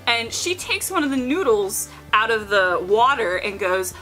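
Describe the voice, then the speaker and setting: A young woman in her twenties telling casual stories to camera, animated and profane, acting out the people she quotes. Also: on the high side, measured pace, soft background music. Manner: animated, profane, acts out quotes in shifting voices. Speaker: vlogger. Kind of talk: casual storytelling.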